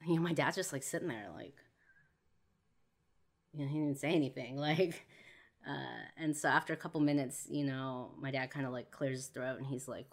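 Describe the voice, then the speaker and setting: Speaking with an extremely low voice at an even, moderate clip, a woman on her podcast frankly shares something from her own life. Her talk is peppered with filler words and profanity, and it turns heated as she revisits past fights.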